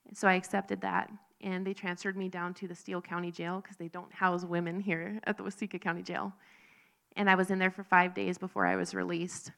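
A woman telling her personal faith testimony in an earnest, halting, emotional way. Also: lowish voice, little pitch movement, vocal fry, a bit bright. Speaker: speaker sharing a recovery testimony.

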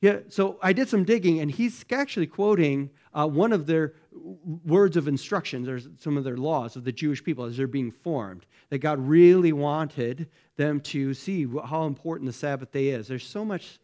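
A man's voice: on the high side, expressive, moderate pace, darkish tone. A man preaching a sermon as pastor, speaking conversationally and tagging many lines with rhetorical questions. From United States.

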